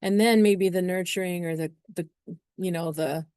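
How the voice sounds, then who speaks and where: A woman's voice: fairly low pitch, steady tone, normal speed, a little mellow, clear, resonant tone, dry recording, studio quality. A woman astrologer talking casually to her viewers, chatty and meandering, slipping into acted-out little scenes. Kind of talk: casual astrology talk to camera.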